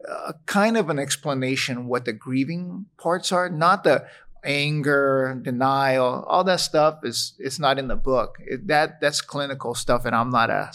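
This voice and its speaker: A man's voice: mid-range voice, measured pace, fairly bright tone. A middle-aged man, a podcast guest, talking candidly and earnestly, telling stories and acting out what people said with laughing asides. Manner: earnest storytelling, acts out quotes with laughing asides. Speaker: podcast guest, restaurant founder. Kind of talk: candid conversation.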